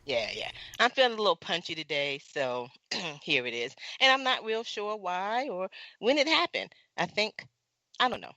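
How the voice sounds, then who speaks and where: Lively, bright-voiced podcast host. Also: mid-range voice, normal speed, no room sound, dull audio. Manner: lively, playful, jumps between loud and soft. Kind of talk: casual podcast chat.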